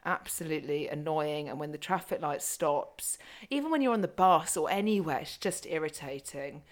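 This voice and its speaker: A woman's voice: deep voice, moderate pace. A young woman co-hosting a casual podcast, chatty and blunt, swearing freely and laughing often. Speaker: podcast co-host.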